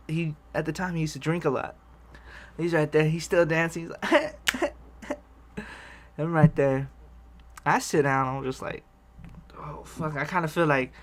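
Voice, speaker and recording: A man rambles through a personal story in casual vlog fashion, cursing freely and cutting himself off to restart. He chuckles often as he goes, and his voice sits a little higher than most men's. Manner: rambling, profane, laughs often. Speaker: vlogger telling personal stories.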